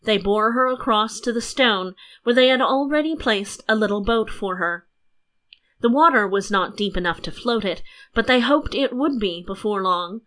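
A woman narrating a fairy tale audiobook in an even storytelling manner. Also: fairly high pitch, moderate pace.

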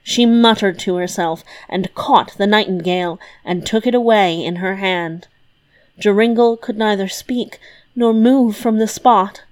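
A woman narrating a fairy tale as a storyteller in a measured, deliberate reading. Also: medium pitch.

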